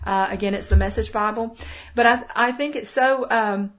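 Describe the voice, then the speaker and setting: A woman's voice: fairly high pitch, normal speed. A middle-aged woman with a Texan accent giving a folksy, conversational Bible teaching, full of fillers and restarts. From Texas. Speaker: preacher.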